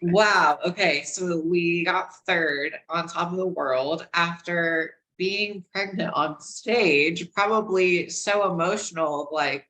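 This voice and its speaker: A woman's voice: on the low side, slow pace, few pauses, bright, forceful tone, low-quality recording. A woman hosting a casual podcast interview. She chats with enthusiasm and shares her own experiences. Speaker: podcast host.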